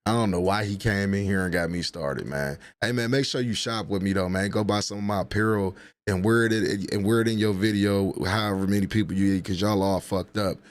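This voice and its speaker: Trash-talking man with a low voice. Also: a little fast. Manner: trash-talking, laughing, profane banter. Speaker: livestream host. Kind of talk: casual livestream chat.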